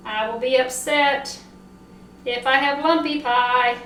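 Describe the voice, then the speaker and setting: A woman with a Southern accent hosting a casual cooking demo, chatting excitedly and talking to herself as she works. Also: high voice, slow pace, a little hiss or hum. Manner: chatty, excitable, talks to herself while working. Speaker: cooking show host. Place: home kitchen. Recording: echoey kitchen, mic at a distance.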